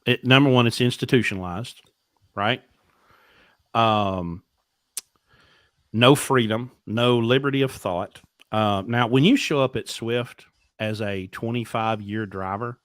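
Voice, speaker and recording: A man's voice: medium pitch, a bit bright, dry recording, studio quality. A middle-aged man, a podcast guest telling blunt, profane stories and acting out dialogue. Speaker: podcast guest, truck driver. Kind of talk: casual storytelling interview.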